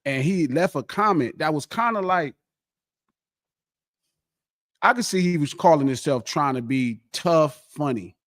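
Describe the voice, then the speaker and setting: A man's voice: on the high side, expressive, unhurried, long pauses, fairly bright tone, dry recording, studio quality. A man guest on a podcast, chatting casually and boastfully, repeating himself for emphasis. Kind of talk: casual chat.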